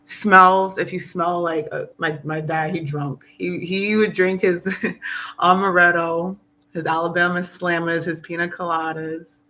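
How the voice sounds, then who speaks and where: Gravelly, earnest woman vlogging. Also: low voice, fairly even intonation, moderate pace, a bit bright, a little hiss or hum, rough recording. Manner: earnest, emotional, preachy. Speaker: spiritual vlogger. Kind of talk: casual rambling monologue. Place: outdoors in South Florida.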